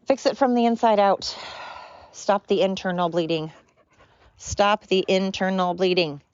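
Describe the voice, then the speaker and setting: A woman's voice: medium pitch, unhurried, a little mellow, clear, resonant tone, no echo, dull audio. A woman hosting her own podcast, rambling earnestly and repeating herself. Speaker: podcast host. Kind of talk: casual solo podcast rambling.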